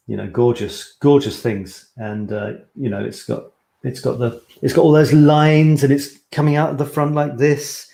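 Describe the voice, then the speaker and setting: Chatty man with a mellow voice. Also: medium pitch, vocal fry, roomy sound. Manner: rambling, chatty, self-correcting. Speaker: photography coach hosting a weekly live stream. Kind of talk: casual live-stream chat.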